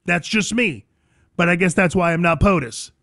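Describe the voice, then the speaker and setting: A man's voice: sits high, moderate pace, pushed and bright, dry recording. A man hosting a call-in radio show, talking emphatically and combatively and addressing listeners directly from a studio mic. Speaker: radio talk show host. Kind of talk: call-in talk radio monologue.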